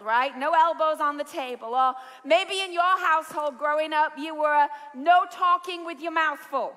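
A British woman preaching a sermon, telling stories with lively energy and rising to shouts. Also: high-pitched. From Britain. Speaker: pastor. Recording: large hall with long reverb.

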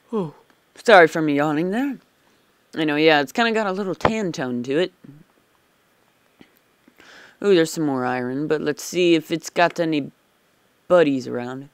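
With a fairly high, clear and resonant voice, a man chats his way through a game in casual let's play commentary. He rambles a lot and is easily startled.

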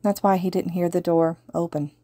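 A woman reads a fan fiction audiobook in an earnest, steady voice. Her pitch sits low, and the room sounds dry and close. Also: normal speed, no echo. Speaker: podfic reader.

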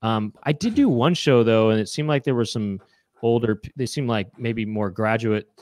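A man's voice: medium pitch, normal speed, darkish tone, dry recording. A man, a comedian hosting a show, chatting casually in a rambling, jokey way. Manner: rambling, lots of fillers and restarts, jokey. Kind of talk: casual chat.

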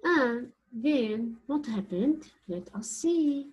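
Woman teacher, Arabic native speaker, slow, high voice, reading a picture book. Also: expressive, slightly rough, muffled recording. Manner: pauses to explain the pictures.

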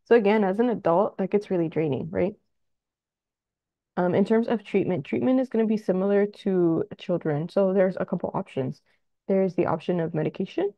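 A woman's voice: mid-range voice, fairly quick, gravelly, dry recording, highs cut off. A woman therapist giving a conversational talk to parents, acting out little scenes with children as she explains. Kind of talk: presentation to parents.

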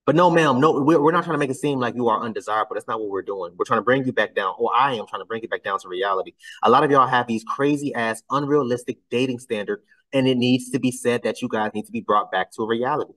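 A man's voice: mid-range voice, fast talker, a bit bright, distant mic, poor audio. A man hosting a casual reaction commentary, talking bluntly and getting exasperated, his voice climbing when he is incredulous. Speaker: commentary channel host.

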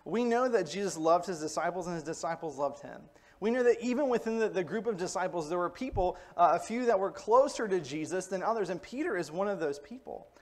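A man's voice: high-pitched, expressive, fairly quick, a little mellow. A male pastor preaching a sermon in a conversational, explanatory way, checking in with his congregation. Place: church.

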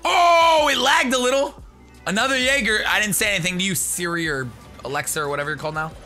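A young man hosting a gaming video, excitable and jokey, bursting into shouts as he comments. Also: high voice, fast talker, soft background music.

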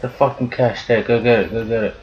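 A man hosting casual game chat, excitable and swearing, on a headset mic. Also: medium pitch, brisk, dull audio. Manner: excitable, swearing, yelps when in trouble. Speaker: gameplay channel host.

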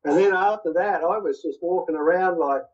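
Guy with a husky voice telling his deliverance testimony, all worked up, kinda dull lo-fi sound. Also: high-pitched, a little fast. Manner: vivid, excited storytelling. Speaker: deliverance minister. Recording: dull lo-fi recording.

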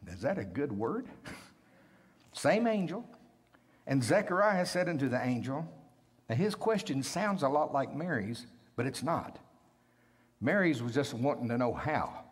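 Man preaching in a church sanctuary; husky tone, scripture readings with quick joking asides. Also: mid-range voice, very animated. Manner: reads scripture aloud, then makes joking asides. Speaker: pastor. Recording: long reverb of a church hall.

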